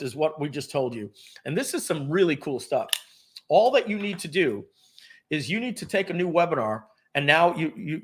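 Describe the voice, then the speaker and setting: Energetic man pitching software on a webinar. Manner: energetic, salesy, talks to viewers as folks; frequent throat clearing and restarts. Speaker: webinar host presenting software. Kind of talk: live webinar sales pitch.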